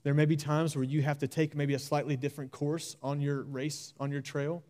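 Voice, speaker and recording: A young man preaches a sermon with earnest, exhorting energy, using slow, emphatic repetition and a level tone. His voice is a little high for a man but dark and mellow, and he speaks plainly to his congregation with the occasional filler.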